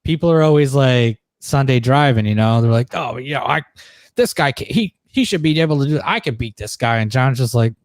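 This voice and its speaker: A man's voice: medium pitch, lively intonation, brisk, no room sound. A man co-hosting a podcast, telling stories in a rambling way with lots of filler words and casual swearing. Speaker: podcast co-host. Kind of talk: casual chat.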